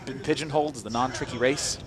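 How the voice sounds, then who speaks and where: A man's voice: medium pitch, fast, crowd noise. An American man casting a live strategy game match, analytical and fond of teasing banter. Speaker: esports commentator.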